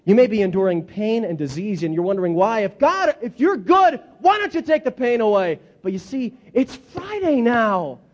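A man's voice: high voice, moderate pace, hardly any pauses. A man preaching a sermon, telling stories with dramatic repetition. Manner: animated storytelling with dramatic repetition. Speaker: pastor. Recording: dull lo-fi recording.

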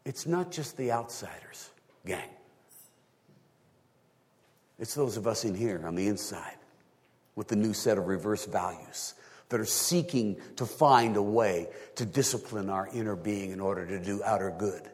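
Man preaching in a reverberant hall. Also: moderate pace. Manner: animated, rising to high emphatic bursts. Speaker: pastor. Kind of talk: sermon.

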